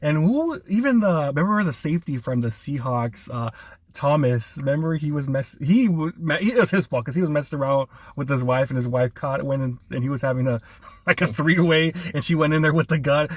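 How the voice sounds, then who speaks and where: A man's voice: on the high side, lively intonation, fairly quick, dry recording. Laughing, easygoing man talking sports. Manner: laughs often, enthusiastic, repeats 'man'. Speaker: sports podcast host. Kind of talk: casual sports chat.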